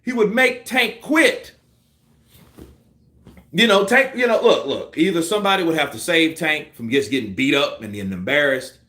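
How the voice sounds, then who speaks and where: A man's voice: a little high, moderate pace, reverberant. A man giving casual, profane boxing commentary on a live stream, acting out punch combinations. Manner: animated, profane, acts out punch sequences.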